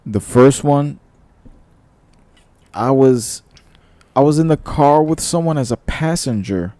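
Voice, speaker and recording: A man's voice: mid-range voice, takes it slowly, no echo. A man co-hosting a podcast, casual and laid-back in chat, swearing as he tells a story. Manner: laid-back, swearing, shifts from mumbled asides to animated telling. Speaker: podcast co-host.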